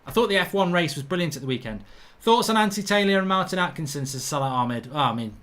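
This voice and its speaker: This middle-aged English host of a live football watchalong has a slightly high voice and talks fast, expressively, and a bit brightly. He goes through viewer comments and rants in blunt, colloquial terms about bad refereeing decisions.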